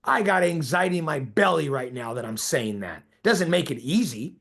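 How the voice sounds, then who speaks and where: A man's voice: a little high, expressive, normal speed, fairly bright tone. A man coaching a group of real estate agents, talking emphatically and pressing his listeners with questions for agreement.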